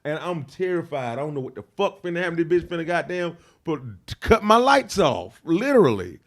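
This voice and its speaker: A man telling a wild personal story in an interview, slangy and profane, full of fillers, getting loud and animated as he acts it out. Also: a little high, a little fast. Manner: grows loud and animated when reenacting. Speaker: interview guest.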